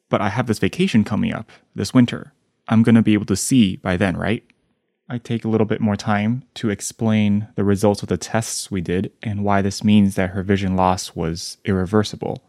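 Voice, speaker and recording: A young man with a low, gravelly voice asks his guest a measured, prepared question. The sound is dry and close, with no room around it. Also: darkish tone, dry recording. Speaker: medical trainee host. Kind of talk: interview question.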